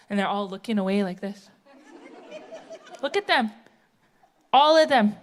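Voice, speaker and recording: A woman's voice: mid-range voice, animated, measured pace, long pauses. A middle-aged woman from the United States doing a blunt, brash stand-up set on a theatre stage, speaking into a stage microphone. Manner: blunt, brash, tell-it-how-it-is. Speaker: stand-up comedian. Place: theatre stage, live audience.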